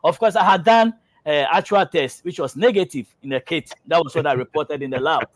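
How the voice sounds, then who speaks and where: A male host with a somewhat high voice tells a story in an animated way, stumbling over restarts and fillers. The sound is dry and close, with no room around it. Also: a little fast, no echo. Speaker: health show host and lab worker. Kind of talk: casual storytelling and reading out health info.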